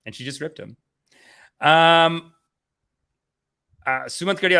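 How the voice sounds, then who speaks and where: A man's voice: a little high, takes it slowly, gravelly, clear, resonant tone. A man hosting a comedy talk stream, ranting casually, swearing, and slipping into voices. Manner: animated, swears, acts out voices. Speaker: comedian host.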